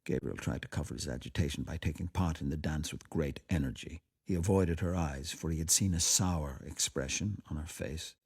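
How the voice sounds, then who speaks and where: A man reading a classic short story aloud for radio in a measured, quiet way. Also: rumbling low, vocal fry, husky.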